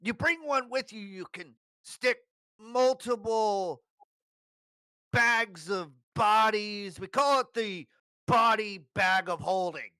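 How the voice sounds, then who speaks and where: A man playing a pushy, shouting little goblin. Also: high voice, slow, smooth, no room sound, studio quality, pitched above the performer's own voice, full character voice. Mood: hard-selling. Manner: shouty hard-selling patter. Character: pushy little male goblin undertaker salesman.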